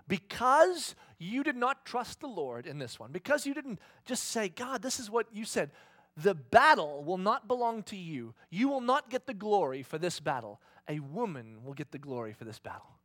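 A man's voice: high voice, very animated, normal speed, fairly bright tone, no echo, exaggerated voice. A preacher acting out a commanding woman war leader. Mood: stern. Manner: urgent, insistent commands.

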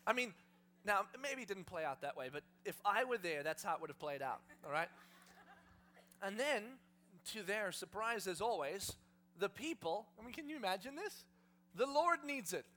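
A man's voice: sits high, very animated, normal speed, sharp tone. A male pastor preaching a sermon to a congregation, telling stories with humor and animation.

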